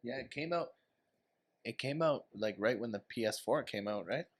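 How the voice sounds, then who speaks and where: Man, podcast co-host, easygoing banter, mid-pitched. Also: animated, moderate pace. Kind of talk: casual chat.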